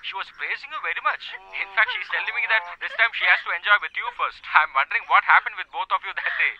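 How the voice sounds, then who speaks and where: A man's voice: high voice, lively intonation, fast talker, dull audio, a little hiss or hum. A brash, dismissive young man. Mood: boastful. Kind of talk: film dub acting.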